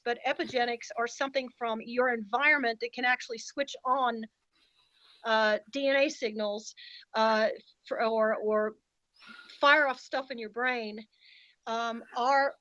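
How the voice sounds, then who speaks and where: A woman's voice: on the high side, fairly even intonation, a little slow, a bit bright, no room sound, dull audio. A woman guest in a casual podcast conversation, talking in an emphatic, indignant way.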